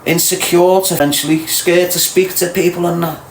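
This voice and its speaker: A man's voice: high-pitched, steady tone, a little fast, roomy sound, a little hiss or hum, rough recording. A man from Liverpool with a Scouse accent, hosting a live stream and lecturing his viewers bluntly. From Liverpool, England. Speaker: podcast host.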